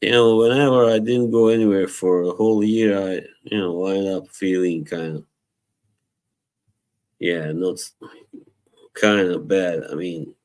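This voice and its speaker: A man's voice: low-pitched, unhurried, pauses often. A man hosting a casual live stream, chatting loosely with viewers, laughing often and slipping into Bosnian phrases. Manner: relaxed, rambling, laughs often, mixes in Bosnian. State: tired from little sleep.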